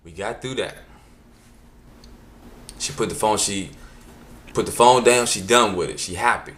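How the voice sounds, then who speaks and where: A man telling a stand-up story in an animated, punchy way, with exasperated asides. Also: on the low side, a little slow. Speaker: comedian.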